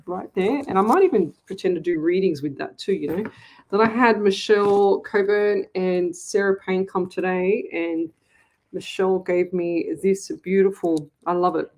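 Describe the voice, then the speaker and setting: A woman's voice: medium pitch, normal speed, a little mellow, poor audio. A woman from Australia hosting a casual livestream from her home office, chatting in a gushing way with many restarts. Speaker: psychic medium, livestream host. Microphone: webcam.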